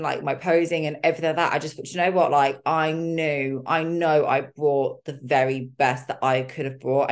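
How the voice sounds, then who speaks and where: A woman hosting a casual solo podcast, talking candidly with mild swearing and a lot of filler words. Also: low voice. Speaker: podcast host.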